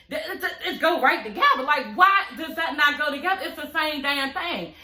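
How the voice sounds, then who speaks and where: A woman recapping a reality TV show in a sassy, profane, animated way, talking straight to her viewers. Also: high voice, brisk, few pauses, echoey room. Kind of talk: casual, profane recap chat.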